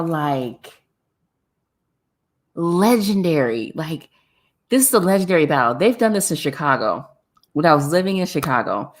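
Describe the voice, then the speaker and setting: A loose livestream chat is led by a woman whose voice is notably low, replying to her viewers' comments. She's animated and laughs frequently, repeating phrases for effect.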